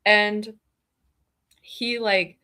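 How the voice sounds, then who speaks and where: A woman's voice: medium pitch, fairly even intonation, very slow, bright, forceful tone. A woman chatting casually, telling a funny story with lots of fillers and laughter. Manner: giggly storytelling, many fillers. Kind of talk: casual chat.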